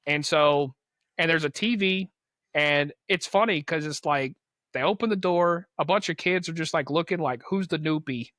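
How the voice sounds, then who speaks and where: Young male podcast host, slightly high voice, dry close sound, slangy and animated storyteller. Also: normal speed, dry recording. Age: young adult. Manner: animated, slangy, acts out quoted people. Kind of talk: casual storytelling.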